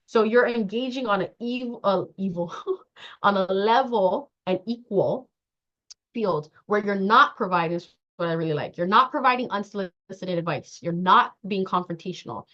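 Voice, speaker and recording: Lively woman trainer, lo-fi sound. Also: medium pitch. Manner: lively, acts out quoted dialogue, laughs often. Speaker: trauma-informed care trainer. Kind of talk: workshop training talk. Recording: dull lo-fi sound.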